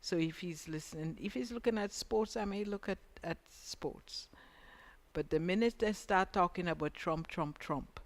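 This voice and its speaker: A woman's voice: fairly low pitch, normal speed. A woman with a Grenadian accent co-hosting a radio talk show, giving frank, emphatic opinions. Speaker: radio co-host.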